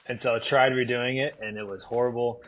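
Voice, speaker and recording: A man's voice: medium pitch, level tone, brisk. A young man chatting as a guest in a studio interview, easygoing and hesitant, full of "like". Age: young adult. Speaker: guest ballplayer. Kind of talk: casual interview chat. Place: podcast studio.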